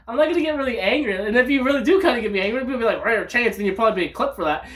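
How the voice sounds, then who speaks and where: A woman vlogging in an upbeat, rambling monologue, breaking into loud outbursts when she acts out quotes. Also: fairly high pitch, animated, fast talker, hardly any pauses.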